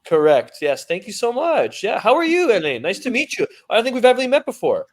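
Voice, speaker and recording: A man's voice: high voice, huge pitch swings, brisk. A man hosting a casual live-stream talk show, bantering in an upbeat, jokey, self-deprecating way. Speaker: host.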